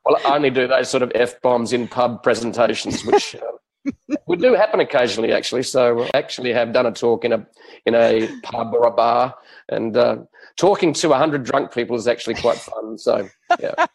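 A man in his fifties with an Adelaide Australian accent, a guest on a live podcast, relaxed and joking. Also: mid-range voice, normal speed, low-quality recording. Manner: relaxed, easygoing, joking with laughs.

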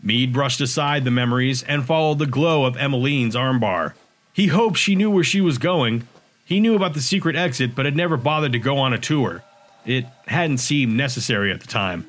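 A man narrating an audiobook in a steady, even storytelling voice. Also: mid-range voice, normal speed, soft background music. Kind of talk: scripted narration.

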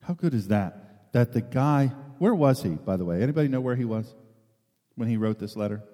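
A man's voice: medium pitch, lively intonation, brisk, mellow, long reverb tail. A man giving an informal, conversational sermon as a preacher, rambling with many restarts and asides.

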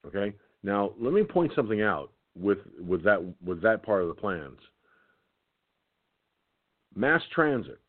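A tired man hosting an internet radio show, reading a document aloud haltingly with his own comments, stumbling and restarting words. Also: on the low side, big pitch swings. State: tired, keeps yawning. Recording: tinny phone-like line.

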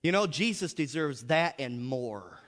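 An American man preaching a revival sermon in a church, emphatic and joking, with big swings between loud and soft. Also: a little high, lively intonation, unhurried. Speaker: pastor. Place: large church sanctuary. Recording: long hall reverb.

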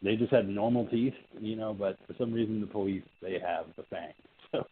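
A man co-hosting a podcast, chatting casually about a horror film, animated and profane, mocking the characters. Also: lowish voice, moderate pace, slight background noise. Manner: animated, swearing, mocking characters in silly voices. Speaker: podcast co-host. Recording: tinny phone-like audio.

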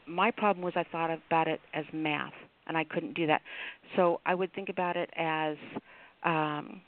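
High-voiced chatty man on a phone line. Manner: rambling, loose, chatty. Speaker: radio show host. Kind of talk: casual on-air chat. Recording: tinny phone-line sound.

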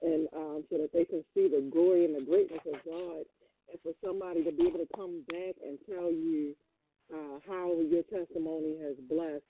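A woman hosting a gospel call-in radio show, speaking gently and reflectively with halting fillers. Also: sits low, lively intonation, vocal fry, slight background noise. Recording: dry tinny phone-like line.

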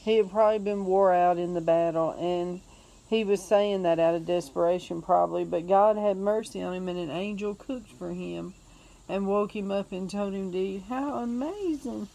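A woman's voice: medium pitch, normal speed, creaky, mellow, poor audio. Emotional woman hosting Bible study. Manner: emotional, exclaiming and reacting often. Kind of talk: casual devotional commentary.

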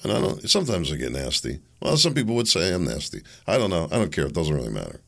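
Brief: combative male talk radio host, low gravelly voice, sarcastic monologue delivery. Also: wildly swooping pitch, fast, a bit bright.

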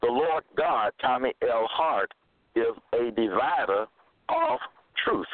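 A man giving a slow, repetitive religious monologue, halting with fillers and stressing his points. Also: mid-range voice, wildly swooping pitch, dry recording. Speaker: self-styled preacher. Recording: tinny phone-like dry recording.

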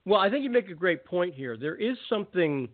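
A man hosting a call-in talk radio show, ranting casually with quick asides. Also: high-pitched, sing-song. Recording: phone-like narrow band audio.

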